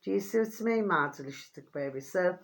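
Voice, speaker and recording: Lady vlogging, kinda hoarse, rambly and sweet, lowish voice. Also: lively intonation, quick pace. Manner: affectionate, rambling, keeps asking "do you see what I mean". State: getting hoarse. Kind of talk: casual chatty vlog to viewers.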